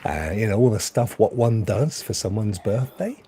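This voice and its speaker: A man's voice: lowish voice, moderate pace, mellow, slight background noise. A man hosting a casual chat show, jovial, laughing often and calling guests brother and mate. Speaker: host.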